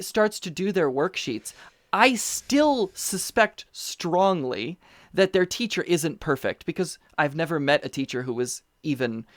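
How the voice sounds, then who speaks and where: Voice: mid-range voice, no room sound. Chatty person on a video call, lots of ums and restarts, dry sound. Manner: animated storyteller, frequent fillers and restarts. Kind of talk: casual conversational chat. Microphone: remote call mic.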